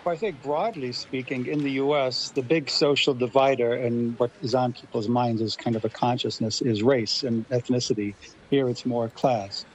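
A man's voice: mid-range voice, steady tone, normal speed, a little hiss or hum, poor audio. A man from Los Angeles, a radio guest, arguing his points articulately. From Los Angeles, USA. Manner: articulate, argumentative. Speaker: guest commentator. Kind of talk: radio discussion.

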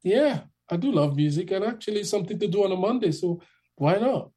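A man telling a rambling, animated story in a casual interview, acting out the people in it. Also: high voice, brisk, slightly rough. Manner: rambling, animated, acts out the people in his stories.

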